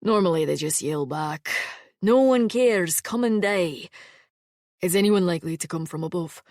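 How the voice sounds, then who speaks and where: A woman reading an audiobook and voicing an immortal male swordsman with a low, stern, dryly polite manner. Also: normal speed, a little mellow, no echo, studio quality, natural voice.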